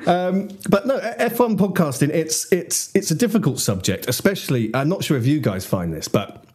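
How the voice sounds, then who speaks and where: A man's voice: on the high side, lively intonation, moderate pace, darkish tone, breathy edge. A young man hosting a casual podcast chat, joking and laughing easily. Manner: chatty, self-deprecating, laughs easily. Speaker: podcast host.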